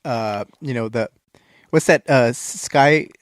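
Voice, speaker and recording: A man guesting on a podcast, rambling quickly and laughing in casual chat. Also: mid-range voice, dry recording, clean studio sound.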